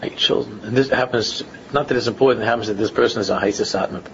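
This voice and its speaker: Gravelly man giving a repetitive religious talk. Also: on the low side, steady tone, fast talker, background noise. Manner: repetitive, restates phrases, rises to emphatic questions. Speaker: religious speaker. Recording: muffled lo-fi recording.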